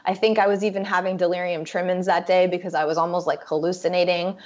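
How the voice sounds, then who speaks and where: A woman with a lowish voice tells her own story to an interviewer in a candid, halting way, stopping and restarting as she goes. The recording sounds dull and lo-fi. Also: little pitch movement, a little mellow. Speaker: guest telling her recovery story.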